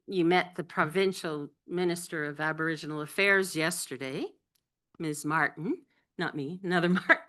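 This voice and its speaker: A middle-aged woman from Nova Scotia giving an impassioned public talk, emphatic and halting, full of rhetorical questions. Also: fairly low pitch, sharp tone. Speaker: panel speaker.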